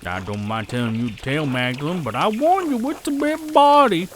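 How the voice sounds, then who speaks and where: A man voicing a gruff older village charcoal burner in a put-on rustic, folksy storytelling voice for a game read-aloud. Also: a little high, expressive, brisk, a little hiss or hum, pitched above the performer's own voice, natural voice.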